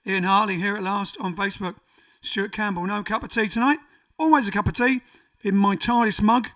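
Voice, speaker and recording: A man's voice: high-pitched, fairly quick, fairly bright tone, distant mic. A man hosting a casual livestream, reading out viewer comments in a jokey, rambling way. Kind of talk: casual chat. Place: home during lockdown.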